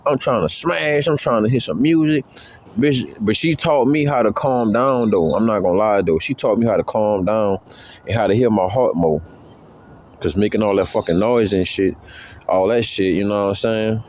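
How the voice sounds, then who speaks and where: A man's voice: on the low side, normal speed, darkish tone, a little hiss or hum. Slangy, profane man rambling outdoors. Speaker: vlogger. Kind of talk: casual monologue.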